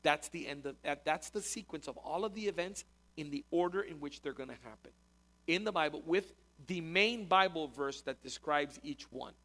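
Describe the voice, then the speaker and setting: A man's voice: fairly high pitch, normal speed, fairly bright tone. A man teaching a conversational sermon as a pastor, repeating words as he explains. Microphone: recorded talk to a congregation.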